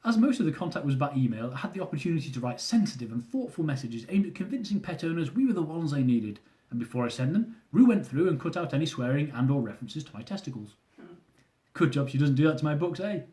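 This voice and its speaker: Brief: male author reading his funny memoir, high-ish voice, very expressive. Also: fast. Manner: comic, animated storytelling.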